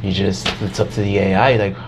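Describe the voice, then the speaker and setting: A man in casual podcast chat, talking in an animated way, swearing and laughing as he tells a story. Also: low voice, a little fast, background noise.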